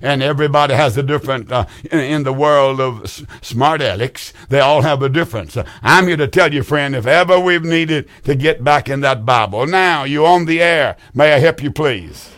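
A man's voice: mid-range voice, normal speed, few pauses, a bit bright. A man, hosting a call-in radio show and preaching in an emphatic, repetitive, folksy way. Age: 70s.

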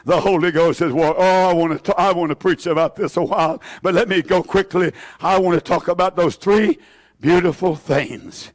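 Preacher, older man, high-pitched, hallelujah-shouting, shifts between loud and hushed. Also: moderate pace. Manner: fiery, swings from shouts to hushed low lines; exclaims hallelujah often. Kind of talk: sermon.

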